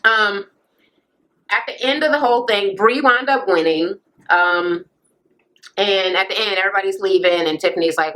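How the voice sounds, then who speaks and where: A young woman ranting through a casual reality TV recap, blunt and sassy, swearing freely and jumping into sudden high squeals. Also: moderate pace, long pauses, sharp tone, rough recording. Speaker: vlogger reviewing reality TV.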